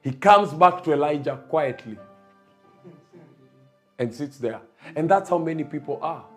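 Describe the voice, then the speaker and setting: A man's voice: fairly high pitch, lively intonation, unhurried, faint music behind. A man preaching a sermon, emphatic and repetitive, building his points.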